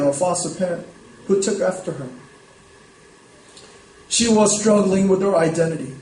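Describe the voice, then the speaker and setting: A man's voice: high-pitched, darkish tone. A male pastor preaching a sermon in a conversational storytelling way, often checking in with "right?". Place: church sanctuary. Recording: roomy hall, voice from a distance.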